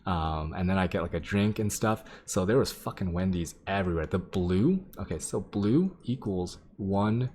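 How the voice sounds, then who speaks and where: Male streamer with a very low voice, casual and sweary, rambling through a story to chat. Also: animated, normal speed, hardly any pauses, dark tone, a little hiss or hum. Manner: rambling, profane, lots of "like" and "um"; sketches while he talks, addressing chat. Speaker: game streamer.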